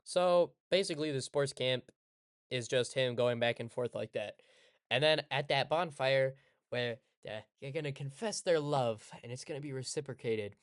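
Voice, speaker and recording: A man's voice: mid-range voice, moderate pace, no room sound, clean studio sound. A man casually rambling in sarcastic commentary over gameplay, often correcting himself. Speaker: streamer.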